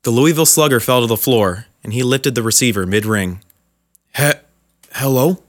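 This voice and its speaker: A man narrating a dramatic short story in a measured, scripted way. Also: medium pitch, animated.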